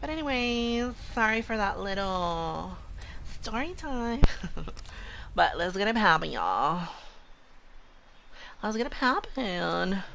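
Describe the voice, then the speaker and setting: A man's voice: sits high, vocal fry. A man live-streaming a shooter game, telling stories and trash-talking in brash, profane casual chat. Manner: animated storytelling.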